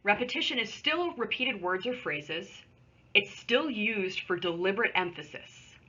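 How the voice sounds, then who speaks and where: A woman teacher talks through a recorded online lesson, patient and conversational, with little asides as she works. Her voice is bright and a bit husky. The sound is dull and lo-fi, from a computer microphone. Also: mid-range voice, expressive, a little slow. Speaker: high school English teacher. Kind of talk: recorded remote lesson with screen share.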